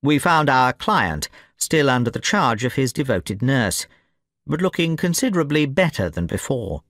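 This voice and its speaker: Male storyteller, clear learner-friendly reading, varied intonation. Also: medium pitch, sing-song, normal speed, a bit bright, no echo, clean studio sound. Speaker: audiobook narrator. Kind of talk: scripted story narration.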